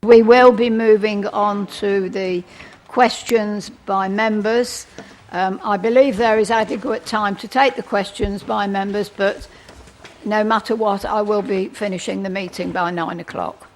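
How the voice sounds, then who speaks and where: Female mayor as chair, procedural, even middle pitch. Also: a little hiss or hum. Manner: procedural, measured, with fillers. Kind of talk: chairing a council meeting.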